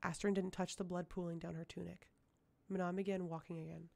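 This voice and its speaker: Woman reading a fantasy audiobook, mellow dark voice, lots of vocal fry, steady pace. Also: lowish voice, a little fast, hardly any pauses. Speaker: audiobook reader. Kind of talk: audiobook narration.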